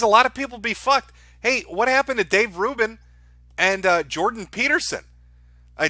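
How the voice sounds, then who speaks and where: A man's voice: high-pitched, bright, forceful tone, dry recording. A man hosting a live stream, ranting in a profane, heated way. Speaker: streamer host.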